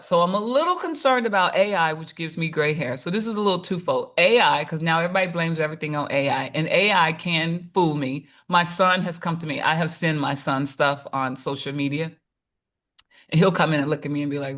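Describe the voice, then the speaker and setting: A woman in her fifties hosting a podcast, chatting casually and telling animated stories with quoted voices. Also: deep voice, fairly quick. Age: 50s. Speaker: podcast host. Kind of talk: casual chat.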